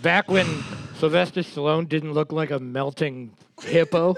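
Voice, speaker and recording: A man's voice: on the high side, a little slow, gravelly, no echo. A man co-hosting a casual comedy chat, riffing jokes and rambling with lots of fillers. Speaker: co-host.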